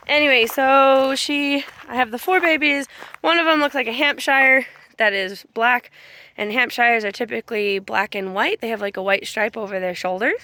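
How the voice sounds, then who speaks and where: A woman's voice: on the high side, pushed and bright. Chatty young woman vlogging on a farm. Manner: chatty, rambling, affectionate to animals. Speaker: farm owner. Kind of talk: casual farm vlog. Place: outdoors on a farm.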